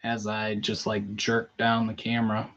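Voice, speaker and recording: A man live-streaming a toy unboxing in a relaxed, chatty way, greeting viewers by name. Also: lowish voice, measured pace, muffled recording, heavy background noise. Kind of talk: casual live-stream chat.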